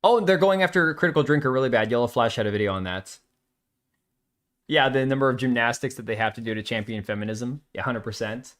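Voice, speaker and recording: A man's voice: medium pitch, fast talker, fairly bright tone. Blunt, sarcastic man hosting a livestream. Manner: blunt, sarcastic, reads viewer comments aloud. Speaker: livestream host. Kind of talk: casual live commentary.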